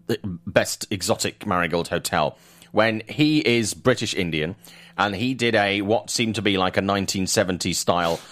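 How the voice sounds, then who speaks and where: A man's voice: on the low side, fairly bright tone. Guy cohosting a film show, voice bouncing up and down, keeps restarting his sentences. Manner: enthusiastic, repeats words when starting. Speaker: podcast co-host. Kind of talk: casual movie chat.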